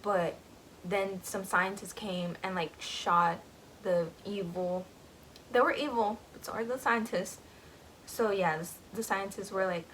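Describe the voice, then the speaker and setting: A woman's voice: mid-range voice, fairly even intonation, unhurried, a bit bright, slight background noise, rough recording. A woman casually recapping a book, rambling, with lots of filler words.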